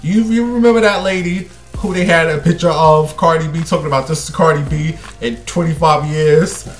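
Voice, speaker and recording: A man hosting a casual celebrity gossip show, sassy and blunt, swinging between loud bursts and hushed asides. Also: a little high, normal speed. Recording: echoey room with faint music.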